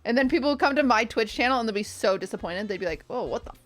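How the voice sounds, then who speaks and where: A woman's voice: on the high side, lively intonation, racing, fairly bright tone, soft background music. A young woman streamer giving casual, rambling commentary while reacting to a video with her chat. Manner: chatty, rambling with restarts and asides to chat.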